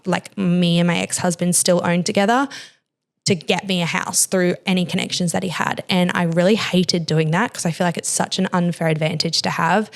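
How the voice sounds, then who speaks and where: A woman's voice: fairly low pitch, fairly even intonation, normal speed. A young woman hosting a podcast, speaking candidly and emotionally, with many "like" fillers. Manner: emotional, confessional, heavy use of "like". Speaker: podcast host. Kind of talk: candid personal podcast talk.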